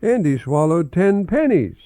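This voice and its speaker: A man's voice: high-pitched, very animated, measured pace, dark tone, no room sound, pitched above the performer's own voice. An older man voicing a literal-minded little boy as he reads children's jokes aloud in a raised, childlike voice. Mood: playful.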